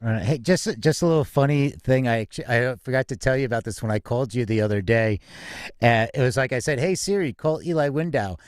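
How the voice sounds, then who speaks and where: Smooth, clear-voiced male co-host. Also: medium pitch, fast, no room sound, studio quality. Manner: upbeat, chatty, laughs often. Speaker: co-host of a live music news show. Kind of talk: casual live-stream chat. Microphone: home desk mic.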